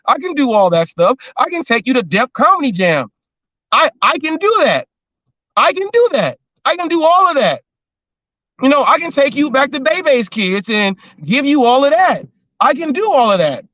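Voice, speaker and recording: Male talk host, very high and bright, rambling riffs, dry lo-fi sound. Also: dry recording. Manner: rambling, riffing with jokes and repeats. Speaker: show host. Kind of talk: casual talk show banter.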